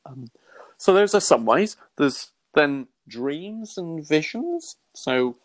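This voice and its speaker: A middle-aged man teaching in an earnest, conversational way, acting out quoted thoughts with lively exclamations and frequent restarts. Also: fairly high pitch, takes it slowly. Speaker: Christian teacher.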